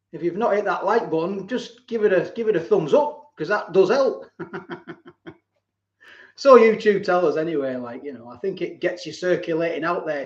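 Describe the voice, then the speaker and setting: Chatty man, roomy dull audio. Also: a little high. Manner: chatty, reads out viewer comments, laughs often, reminisces. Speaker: live stream host. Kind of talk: casual live-stream chat. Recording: roomy, slightly dull live-stream audio.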